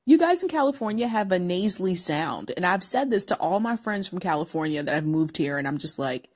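A woman's voice: lowish voice, sing-song, brisk. A woman hosting a call-in podcast, chatting casually with many fillers. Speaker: host.

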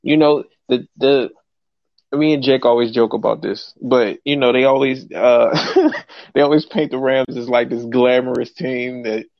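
A man hosting a call-in sports podcast in casual chat, slangy and animated, laughing often. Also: medium pitch, measured pace, gravelly, dry recording. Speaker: podcast host. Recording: dry, dull lo-fi audio.

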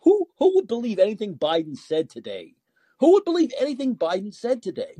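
A man's voice: high-pitched, wildly swooping pitch, a little fast, dark tone, husky, no room sound. An older man hosting a political call-in podcast, talking in a sarcastic, exasperated way and repeating himself for emphasis. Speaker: podcast host.

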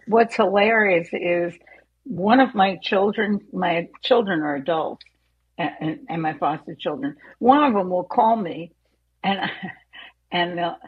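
Middle-aged woman, very raspy, slow, muffled call audio. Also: on the low side. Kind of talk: casual panel discussion. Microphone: online audio call.

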